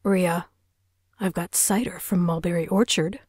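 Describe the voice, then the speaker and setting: A woman's voice: lowish voice, steady tone, unhurried, darkish tone, husky, no room sound, clean studio sound. Woman voicing a coaxing, charming teenage boy.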